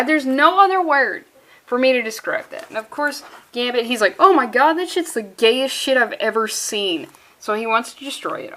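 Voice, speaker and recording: A woman's voice: a little high, a bit bright. A woman giving a casual comic book review, exasperated, sarcastic and swearing freely.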